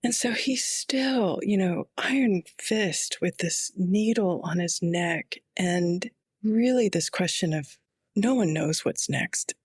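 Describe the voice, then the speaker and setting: Brief: middle-aged woman chaplain, reflective storyteller, quiet intensity, very slow pace. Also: on the low side, breathy edge, no echo, clean studio sound. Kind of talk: personal storytelling.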